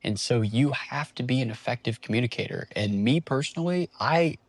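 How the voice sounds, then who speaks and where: A young man giving casual self-help advice in a vlog, rambling with profane jokey asides and switching between rapid bursts and slow, deliberate stretches. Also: mid-range voice, animated. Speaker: YouTuber.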